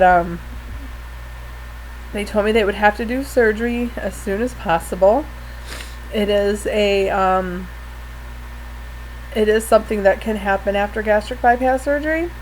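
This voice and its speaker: A woman telling an emotional personal story after surgery, halting and apologetic, often near tears. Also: mid-range voice, a little hiss or hum, low-quality recording. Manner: tearful, apologetic, halting with fillers. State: post-surgery, pained when coughing. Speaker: vlogger.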